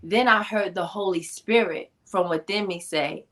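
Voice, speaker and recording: A woman guest on a podcast, an author and speaker, telling her life story in an emphatic, animated, conversational way with slang asides. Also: fairly low pitch, normal speed. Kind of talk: personal storytelling in a podcast interview.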